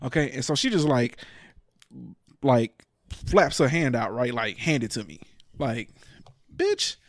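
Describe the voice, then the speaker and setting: A man's voice: medium pitch, moderate pace, no room sound, studio quality. A man telling a story in casual chat, cursing freely, laughing often and acting out what other people said. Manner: profane, animated, acts out quoted people.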